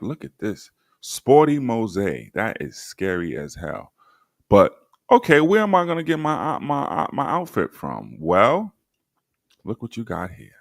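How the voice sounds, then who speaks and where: A man's voice: fairly low pitch, creaky, dry recording, clean studio sound. A man hosting a livestream, reading old documents aloud and commenting sardonically, talking straight to his viewers. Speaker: livestream host.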